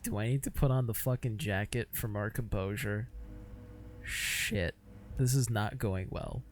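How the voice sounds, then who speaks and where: Creaky-voiced young man cursing at a game. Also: on the low side, moderate pace, a little mellow, a little hiss or hum. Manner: profane, exasperated, self-mocking. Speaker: streamer. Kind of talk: casual gameplay commentary.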